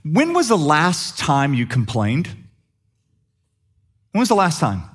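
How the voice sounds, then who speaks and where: A man's voice: on the high side, huge pitch swings, slow pace, breathy edge. A man preaching a sermon as pastor, conversational and humorous, asking the congregation questions.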